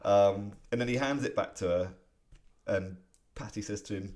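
Very deep-voiced man recapping comics. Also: moderate pace. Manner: animated recapping of comic strips, breaking into laughter. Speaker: podcast co-host. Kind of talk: casual podcast chat.

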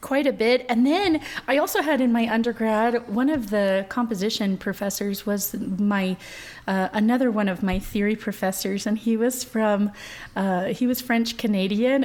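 A woman's voice: on the high side, normal speed, a little mellow. A woman in her thirties, a voice professor being interviewed, talking chattily with many fillers and easy laughter. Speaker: voice professor, guest. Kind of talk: conversational interview.

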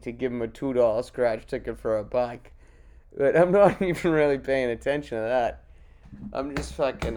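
A man's voice: mid-range voice, a little mellow, a little hiss or hum. A man co-hosting a podcast in crude, casual banter, laughing often and swearing freely while telling stories. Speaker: podcast co-host.

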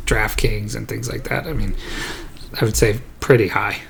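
A young man co-hosting a casual podcast, talking in a relaxed, measured way with fillers. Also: fairly low pitch, creaky, husky. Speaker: podcast co-host. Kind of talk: casual chat.

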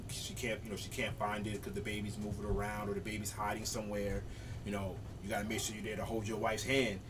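A man on a casual podcast, giving relaxed, plain-spoken advice as a father. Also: lowish voice, quick pace, distant mic, background noise.

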